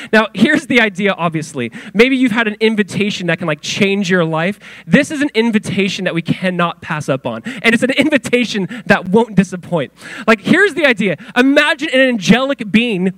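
High-voiced, chatty young pastor. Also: male voice, dry recording. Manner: casual, excitable storytelling with many "like"s. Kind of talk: sermon.

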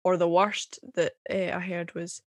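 A young woman with a Scottish accent talks as a guest in a relaxed chat. She sounds passionate and blunt, swearing freely and laughing often. Her voice is recorded close and dry. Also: lowish voice, unhurried, no room sound. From Scotland. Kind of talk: casual podcast chat.

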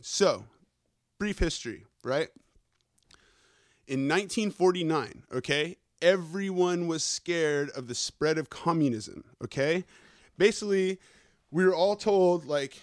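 A man hosting a podcast, wired and fast-talking, who swears through nearly every sentence and keeps tossing in "okay?" and "right?" His voice sits a bit on the high side. The recording is close and dry, with no room sound. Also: lively intonation, no room sound. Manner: rambling, swears constantly, checks in with listeners. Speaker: podcast host. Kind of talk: casual profane news rant.

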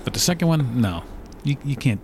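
A man's voice: medium pitch, big pitch swings, brisk, darkish tone, a little hiss or hum. Blunt, opinionated Midwestern man. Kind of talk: casual chat.

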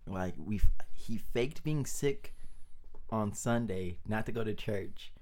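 A man's voice: fairly low pitch, slow, darkish tone. A young man, a comedian guest on a podcast, telling family stories in casual chat, laughing often and acting out the people he quotes.

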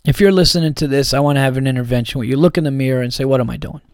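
A man's voice: mid-range voice, rapid-fire, no echo, studio quality. Rambling, profane male podcast host. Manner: rambling, profane, many restarts. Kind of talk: casual comedic monologue.

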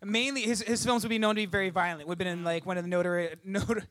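A male host with a high voice jumps in with brisk asides. He speaks quickly and casually. The sound is dry and close. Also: fairly even intonation, fairly bright tone, no room sound. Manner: quick interjections, brisk clarifying. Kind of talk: casual chat.

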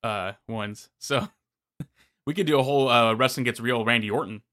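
A man co-hosting a wrestling podcast, chatting excitably with plenty of swearing and fillers. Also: mid-range voice, normal speed, no echo, clean studio sound. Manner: excitable, profane, lots of fillers. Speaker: podcast co-host. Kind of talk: casual chat.

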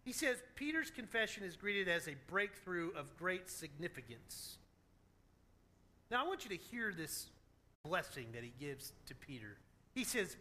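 A man preaching a sermon as a pastor, telling stories in an animated, joking way. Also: fairly high pitch, normal speed, long pauses.

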